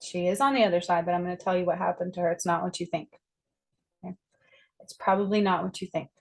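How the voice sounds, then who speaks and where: An earnest woman psychic speaks straight to her viewers in an emphatic monologue. She repeats her key points and keeps checking in with a quick "okay?" before moving on. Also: lowish voice, vocal fry, low-quality recording. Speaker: self-described psychic medium. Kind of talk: earnest spoken monologue to camera.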